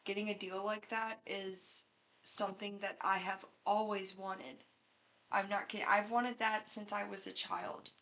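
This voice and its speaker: Young female co-host, crisp bright tone, earnest and easygoing, laughs easily. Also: mid-range voice, level tone, unhurried. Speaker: podcast co-host. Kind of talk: casual chat.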